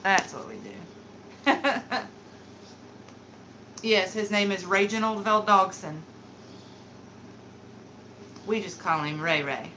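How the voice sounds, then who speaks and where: A giggly woman hosts a laid-back livestream from home, answering her chat at an unhurried pace. Her voice is bright and forward, picked up on a simple computer mic. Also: medium pitch, slight background noise, low-quality recording. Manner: giggly and chatty, talks to her dog. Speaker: livestream beauty host. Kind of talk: casual livestream chat, reading viewer comments.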